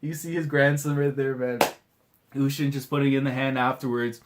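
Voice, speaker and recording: A young man reacting live to a manga chapter, his voice swinging from hushed and choked up to loud pleading outbursts. He talks casually, stumbles over his words and keeps tacking on "man" and "bro." His pitch sits in a middling range for a man. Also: flat delivery, normal speed, background noise. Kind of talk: emotional live reaction commentary.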